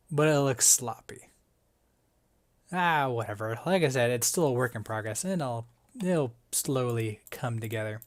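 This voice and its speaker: Casting: gamer host, mid-pitch voice, casual thinking-aloud commentary, playful self-mocking asides. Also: expressive, a little slow. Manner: thinks aloud, talks to the game and items. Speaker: let's play host.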